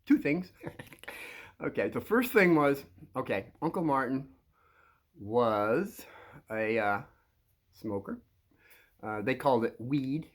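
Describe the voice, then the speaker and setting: Older male host, rambling storyteller, halting delivery, frequent chuckles. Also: mid-range voice, big pitch swings. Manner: halting, repeats words, chuckles often. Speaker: channel host telling stories.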